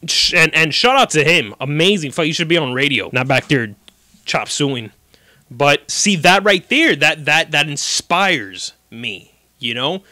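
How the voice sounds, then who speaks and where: A young man talks alone on his podcast, telling stories and swearing freely as he jokes. His voice sits at a middling pitch and sounds dry and close, with no echo. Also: animated, normal speed, pushed and bright. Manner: profane, jokey storytelling. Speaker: podcast host. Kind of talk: casual solo podcast monologue.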